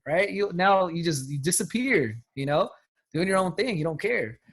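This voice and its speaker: A man's voice: high voice, lively intonation, moderate pace, creaky, a bit bright. A man coaching his sales team on a call, talking emphatically in casual slang. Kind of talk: motivational talk on a team call.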